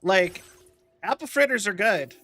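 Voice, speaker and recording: Young male streamer, rambling and self-deprecating, high sharp voice. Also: animated, measured pace, faint music behind. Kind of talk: casual game-stream chat.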